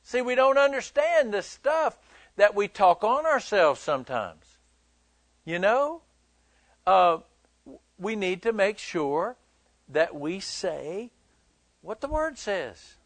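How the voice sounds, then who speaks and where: A man's voice: high-pitched, sing-song, slow pace, pauses often, no echo. A male pastor preaching a sermon in a conversational, emphatic way, joking with his listeners.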